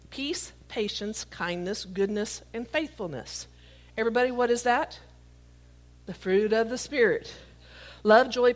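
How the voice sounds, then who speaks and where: A woman preaching a sermon to a congregation, reading scripture and joking as she catches props. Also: mid-range voice. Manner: playful, talks to the congregation, jokes while catching props. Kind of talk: sermon with a live prop illustration.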